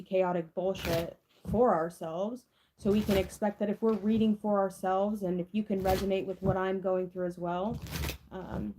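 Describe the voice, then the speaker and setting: A woman's voice: fairly low pitch, warm tone. A woman reading tarot in a casual, rambling chat, full of fillers and swearing. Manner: chatty, profane, rambling with many fillers. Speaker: tarot reader.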